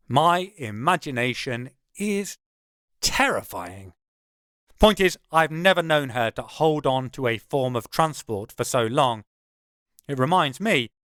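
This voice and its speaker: A man narrates his own novel in first person with a smooth, resonant, fairly high voice. His delivery is wry and conversational. The recording is dry and close. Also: fairly bright tone, no echo.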